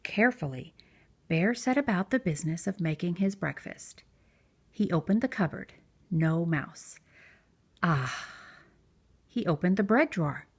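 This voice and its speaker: A woman reading a picture book aloud to young children, gentle and expressive. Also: on the low side, unhurried, pauses often, slightly rough. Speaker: children's story reader. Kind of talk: read-aloud storytelling for preschoolers.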